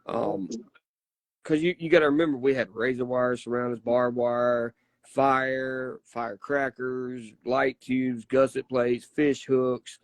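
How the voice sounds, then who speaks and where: Excitable man with a dry close sound. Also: mid-range voice, slow pace, no echo. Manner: folksy, emphatic, profane. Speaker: wrestler guest. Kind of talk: casual interview storytelling.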